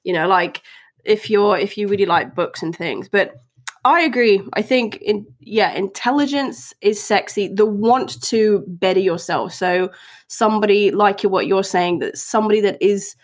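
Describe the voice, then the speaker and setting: A woman's voice: mid-range voice, moderate pace. Chatty young woman co-hosting a podcast. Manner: chatty, full of "like" and restarts, laughs often. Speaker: podcast co-host. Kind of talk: casual chat.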